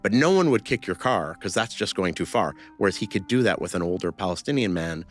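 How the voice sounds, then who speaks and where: A man with a very low voice tells a personal story in casual conversation. He talks haltingly, full of ums and restarts, and keeps circling back to finish his thoughts. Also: lively intonation, soft background music. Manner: halting, many fillers and restarts. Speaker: interview guest.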